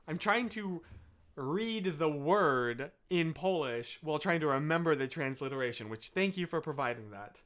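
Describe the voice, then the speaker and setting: Young american guy on a livestream, kinda high voice, rambles and apologizes for going off topic. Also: animated, measured pace, a bit bright. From United States. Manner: rambling, self-interrupting, apologetic asides. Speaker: livestream host. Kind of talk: casual chat with live viewers.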